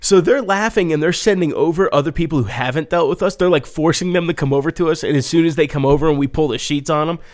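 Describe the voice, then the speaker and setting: A man's voice: quick pace, hardly any pauses, darkish tone. A man in casual chat, telling rambling stories loosely with lots of swearing and fillers. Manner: mimics people's voices in a high, singsong pitch when quoting.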